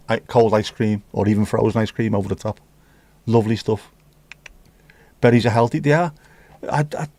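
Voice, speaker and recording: A man's voice: medium pitch, darkish tone, no room sound. Bloke chatting with his stream chat, cheeky and rambling, dry close sound. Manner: chatty, cheeky banter with viewers. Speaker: livestream host reading chat. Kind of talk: casual chat. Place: home room.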